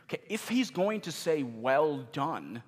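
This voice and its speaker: A man preaching a sermon as pastor, earnest and emphatic, slowing down for key questions and hitting some words hard. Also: fairly high pitch, very animated, slightly rough. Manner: earnest, emphatic, with sudden loud stresses and slowed key questions. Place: church meeting in a gym. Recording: long reverb of a large gym.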